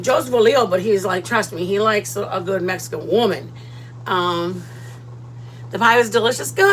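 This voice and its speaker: A woman hosting a casual cooking livestream from her home kitchen, chatty and playful, greeting viewers by name with loud excited bursts. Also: medium pitch, slight background noise, low-quality recording.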